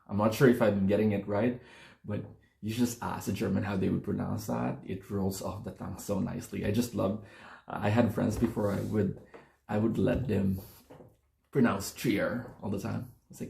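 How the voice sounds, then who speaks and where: Casual vlogger, man, low, warm-toned voice, rambling and correcting himself. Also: little pitch movement, moderate pace, gravelly, reverberant. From Philippines. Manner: chatty, rambling, self-correcting. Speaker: beer-tasting vlogger. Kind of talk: casual chat to camera. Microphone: phone camera.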